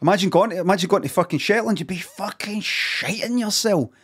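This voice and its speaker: A man's voice: high-pitched, a little fast, fairly bright tone, slightly rough. A man, chatting casually and swearing while streaming reaction commentary. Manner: chatty, swearing, rambling asides.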